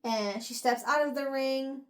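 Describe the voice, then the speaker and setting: A young woman hosting a book review podcast, casually retelling chapters in a rambling, animated way with lots of fillers. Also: sits high, unhurried.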